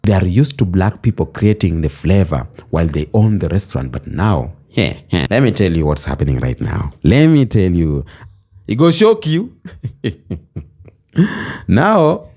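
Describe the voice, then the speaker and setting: A man speaks straight to camera in an impassioned vlog, his voice low and dark. There's a husky grain to it as he hammers his points home with repetition, rising like a preacher. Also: animated, moderate pace, hardly any pauses. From Kenya. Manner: emphatic, preaching cadence with repeated phrases. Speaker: vlogger. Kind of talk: passionate social commentary monologue.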